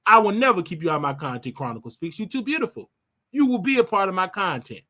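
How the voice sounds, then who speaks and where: A brash older man hosts his own talk show with a bright, forceful edge to his voice. He scolds and stretches words out for emphasis, and his voice sits a little high for a man. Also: big pitch swings, fast. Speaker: show host. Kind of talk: casual commentary monologue.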